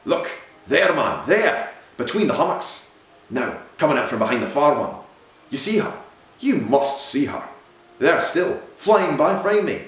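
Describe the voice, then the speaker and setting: A man reading aloud and voicing a feverish, haunted old-time ship captain who swings between frantic cries and hushed murmurs. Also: low-pitched, big pitch swings, moderate pace, creaky, voice pushed down, heavily acted. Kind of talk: audiobook reading of a Victorian ghost story. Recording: very echoey room.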